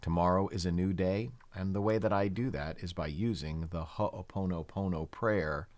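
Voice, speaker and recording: A man minister giving a calm, reflective spiritual talk, speaking slowly with gentle pauses and leading his listeners in prayer. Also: sits low. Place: in the United States.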